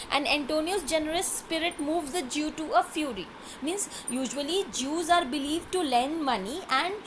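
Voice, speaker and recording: A woman's voice: high-pitched, a little hiss or hum, low-quality recording. A woman tutoring a class, explaining a play line by line with many fillers. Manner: many fillers, reads quotes aloud, then paraphrases.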